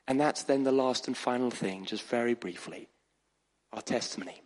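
A man preaching a sermon as pastor of a church, earnest, moving between soft quiet passages and raised emphatic ones. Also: mid-range voice, normal speed. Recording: long hall reverb.

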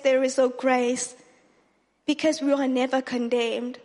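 A woman preaching a sermon, earnest and excited, repeating key phrases for emphasis. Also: sits high, big-room sound. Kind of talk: sermon teaching.

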